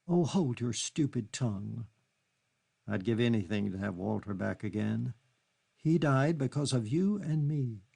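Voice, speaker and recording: A man's voice: mid-range voice, expressive, unhurried, creaky, warm tone, breathy edge, exaggerated voice. A man reading an audiobook, voicing a grief-stricken young Englishwoman who sobs, pleads and lashes out. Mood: bitter. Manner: sobbing, pleading, furious.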